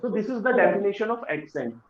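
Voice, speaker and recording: A man teaching a beginners' French lesson, patient and repeating words slowly for learners. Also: sits high, big pitch swings, a little hiss or hum. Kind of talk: classroom lesson explanation. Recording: echoey room, dull lo-fi sound.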